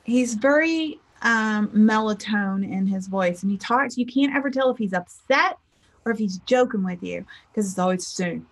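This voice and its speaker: A woman with a slightly raised pitch gives a casual motivational talk as a spiritual teacher. She speaks in a chatty, conversational way and slips into lively voices for the people she quotes. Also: normal speed. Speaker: spiritual teacher and life coach.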